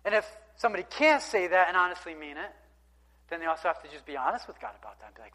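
A man preaching a sermon, talking through scripture in a relaxed, conversational style with emphatic bursts. His voice sits a little high for a man. It rings out with a long reverb, as in a large hall. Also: quick pace. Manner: conversational, emphatic, reads scripture aloud with asides.

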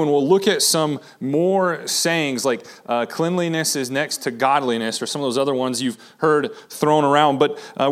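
Casual conversational man preaching a sermon. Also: a little high. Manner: conversational, lots of fillers and restarts; acts out quoted lines with shifting inflection. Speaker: pastor.

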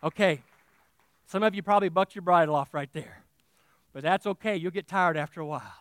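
A male pastor preaching a sermon, talking straight to his congregation and swinging from quiet asides to loud, emphatic declarations. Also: high voice, fairly quick, no echo. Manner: talks directly to the congregation.

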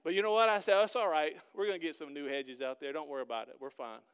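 High-voiced earnest preaching man. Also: steady tone, fast talker, smooth. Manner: earnest, conversational preaching that builds to loud emphatic peaks. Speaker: pastor. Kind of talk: sermon.

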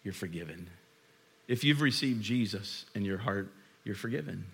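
A man preaching a sermon in a church, chatty and self-deprecating, telling stories and sinking to a hushed, earnest tone. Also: on the low side, moderate pace, creaky, slightly rough. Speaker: pastor.

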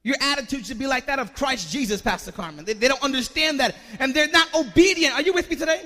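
High-voiced preacher in an echoing hall. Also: male voice, fast. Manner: call-and-response preaching, repeats words, rising to shouts. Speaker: pastor. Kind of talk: sermon. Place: church sanctuary.

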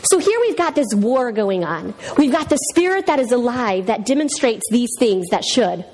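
A middle-aged woman with a high, light voice gives a church talk, mixing scripture with funny stories from her family life. She is animated and theatrical, acting out each voice she quotes. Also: normal speed. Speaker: women's speaker. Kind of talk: humorous teaching talk with personal stories.

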